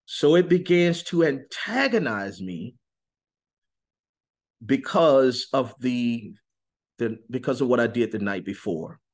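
A man giving an earnest, intense testimony in a sit-down interview, slowing on key words and rising suddenly in pitch and volume. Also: animated. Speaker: interview guest.

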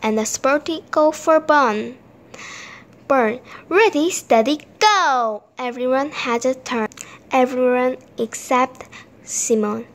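A woman whose first language is Korean, reading a children's story aloud in English, gentle and careful, with small slips while reading. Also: high-pitched, fairly even intonation, takes it slowly.

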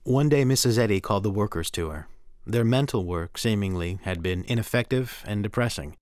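A man giving a measured, earnest first-person reading from a memoir for a documentary. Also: lowish voice, darkish tone, clear, resonant tone, no room sound, clean studio sound.

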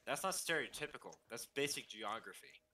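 Young man, bright voice, teasing, casual gaming chat. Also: mid-range voice, lively intonation, a little fast. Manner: teasing, playful, argumentative. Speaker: gaming co-player.

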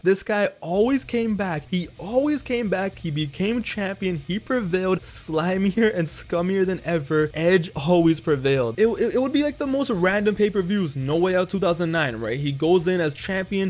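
A young man with a rather high voice, talking in a slangy, dramatic rant. He piles on comic exaggeration and swings between disbelief and mock outrage as he tells the story. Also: normal speed, hardly any pauses. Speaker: wrestling video creator. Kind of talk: comedic ranting commentary.

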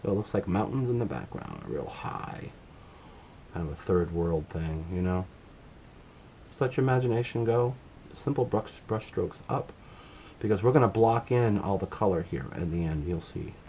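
A middle-aged man giving a casual painting demonstration, relaxed and talking while he works, often trailing off mid-sentence. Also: sits low, normal speed, muffled recording, a little hiss or hum. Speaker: painting instructor.

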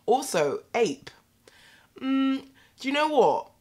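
Sassy, lively British woman ranting. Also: sits high, slow. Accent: British English. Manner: sassy, animated, talks straight at the viewer. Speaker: vlogger. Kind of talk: direct-to-camera rant. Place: indoors at home.

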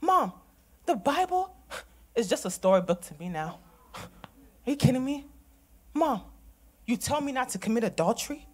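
A bitter young daughter losing her faith, acted by a young woman on stage. Her high voice swings widely as she challenges with sarcasm. She speaks with scorn. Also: sing-song, normal speed, long pauses, darkish tone. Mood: scornful. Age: young adult. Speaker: stage actor. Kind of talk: stage drama acting.

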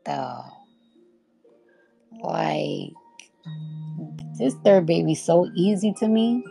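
A woman's voice: lowish voice, lively intonation, drawn-out words, vocal fry, pauses often, mellow, rough recording. A woman hosting a casual live audio chat, talking bluntly and profanely, sleepy, with faint baby music playing behind her.

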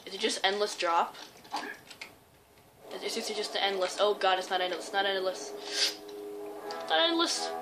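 With game music and background noise behind her, a young female gaming YouTuber speaks in a mid-range, level voice at normal speed, with long pauses. She rambles casually through her let's-play and is easily surprised.

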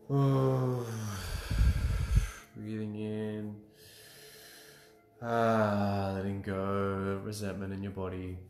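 A man leading a live emotional clearing session, guiding breathing and affirmations calmly, with frequent sighs. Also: lowish voice. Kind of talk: guided healing session on a livestream. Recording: roomy with faint music.

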